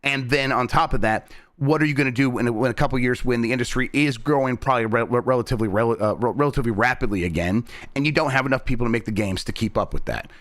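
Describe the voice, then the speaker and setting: A man's voice: medium pitch, quick pace, few pauses, fairly bright tone, no echo. A man co-hosting a games news show, talking things through in a hesitant, thoughtful way with frequent restarts. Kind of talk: casual news discussion.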